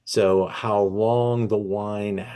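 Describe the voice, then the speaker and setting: A man's voice: on the low side, steady tone, extremely slow, dark tone, clean tone. A man hosting an educational wine session, easygoing and hesitant with many fillers. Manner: easygoing, with many ums and uhs. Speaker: wine shop host.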